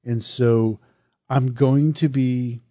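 A man's voice: mid-range voice, fairly even intonation, takes it slowly, dark tone, dry recording. A man with a Southern US accent hosting a horror podcast, talking casually and correcting himself as he goes. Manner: chatty, self-correcting, loose and conversational. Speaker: podcast host. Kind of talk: casual solo podcast talk.

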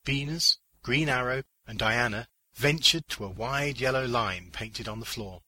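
A man narrating a short story in a measured, deliberate audiobook reading on a close mic. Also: medium pitch, sharp tone, low-quality recording. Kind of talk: scripted audiobook narration of fiction.

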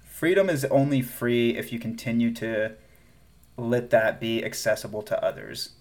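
A Southern-accented man co-hosting a casual podcast. He talks in an animated way, laughs often, and trails off and restarts as he goes. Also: mid-range voice, moderate pace. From American South. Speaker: podcast co-host. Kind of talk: casual chat.

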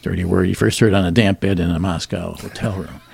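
A man's voice: low voice, fairly even intonation, fast, vocal fry, darkish tone. A man hosting a comedy talk show, reading joke headlines and bantering in a dry, wry way. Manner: dry, wry delivery with chuckles.

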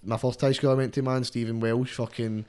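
A young Scottish man, a rapper, telling stories in a rambling, animated, sweary way during a casual podcast chat. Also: medium pitch, a little fast, clear, resonant tone. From Scotland. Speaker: rapper guest.

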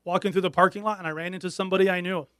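Pitched a little high, with a steady, slightly bright, smooth tone, a middle-aged man talks openly as an interview guest. His earnest speech stops and starts, frequently restarting mid-sentence, and the audio is close and dry without room echo.

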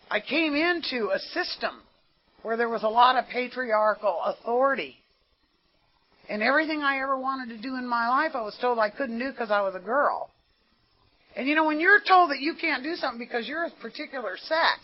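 American woman sharing her recovery story at a meeting, fairly high voice, dull lo-fi tape. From United States. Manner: earnest, conversational storytelling with frequent "you know". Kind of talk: personal recovery testimony. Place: meeting room.

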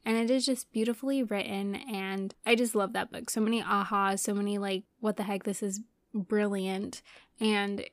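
A woman's voice: mid-range voice, steady tone, moderate pace, dry recording. A young woman hosting a casual spiritual podcast, rambling and loose, with lots of "like" fillers. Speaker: podcast host.

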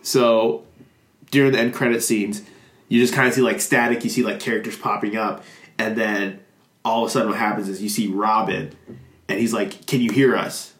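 A man's voice: fairly low pitch, level tone, moderate pace, a bit bright, reverberant. A man co-hosting a podcast, chatting casually and rambling with lots of fillers and laughter. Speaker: podcast co-host. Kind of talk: casual chat about a cartoon movie.

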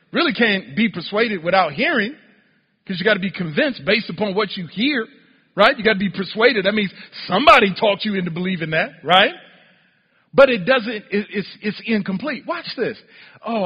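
A man's voice: high voice, slightly rough. A man preaching a sermon in a church, emphatic and full of rhetorical questions. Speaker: pastor. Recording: dull recording with long church reverb.

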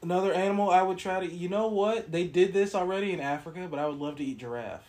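A man's voice: high voice, quick pace, a little mellow. A young man co-hosting a casual podcast, talking in a loose, rambling way with lots of fillers. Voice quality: laid-back, rambling with many fillers. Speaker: podcast co-host. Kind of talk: casual chat.

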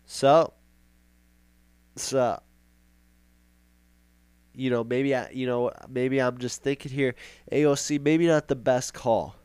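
A man's voice: medium pitch, fairly even intonation, slow, pauses often, darkish tone, clear, resonant tone, no room sound. A young man hosting a casual podcast monologue, rambling and sarcastic, repeating himself for effect. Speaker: podcast host.

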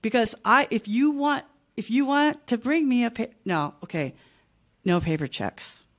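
A woman's voice: a little high, expressive, moderate pace. A woman in her fifties, a small business owner talking as a podcast guest in a chatty, emphatic way, often checking in with "right?" and "okay?". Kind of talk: casual podcast interview.

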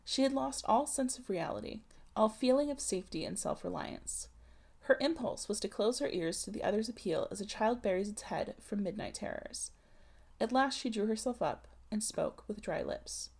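A woman narrating a classic novel in a measured, literary audiobook reading. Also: mid-range voice, animated, vocal fry, darkish tone, slightly rough.

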